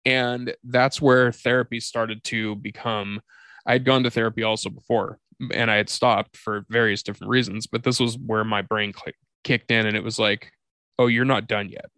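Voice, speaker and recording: A man's voice: fairly low pitch, fairly even intonation, normal speed, pushed and bright, dry recording. A man co-hosting a podcast, telling a candid personal story in a profane, confessional way. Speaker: podcast co-host. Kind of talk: candid comedic podcast conversation.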